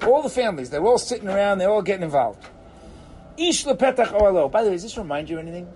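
A man teaching an animated Torah class, theatrical, acting out characters and sprinkling in Hebrew phrases. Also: high-pitched, fast talker, slight background noise, low-quality recording.

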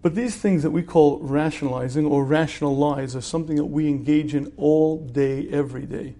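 A man with a somewhat high voice teaches in a relaxed, conversational way. He poses rhetorical questions, pauses to clear his throat, and keeps the lecture informal. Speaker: religious teacher.

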